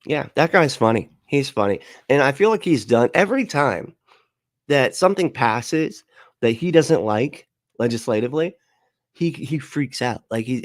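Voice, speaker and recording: A man's voice: mid-range voice, no echo, studio quality. Sarcastic, profane man hosting a livestream. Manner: profane, sarcastic, laughs often. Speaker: livestream host. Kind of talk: casual reaction commentary.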